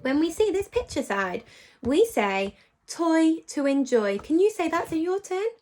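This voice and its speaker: A woman teacher giving a phonics lesson to young children. She praises them often and slows down to sound out words. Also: extremely high pitch. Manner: animated and encouraging, praising often.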